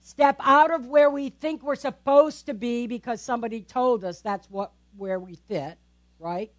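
A woman's voice: a little high, measured pace. Woman pastor preaching, chatty and questioning. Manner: conversational preaching with frequent tag questions. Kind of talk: sermon.

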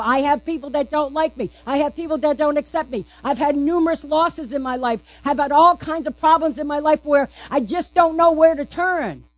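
A woman's voice: sits high, dry recording, pitched above the performer's own voice, close to an everyday voice. A woman voicing a frightened young male servant who pleads and piles up worries. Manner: anxious, pleading, piling up worries.

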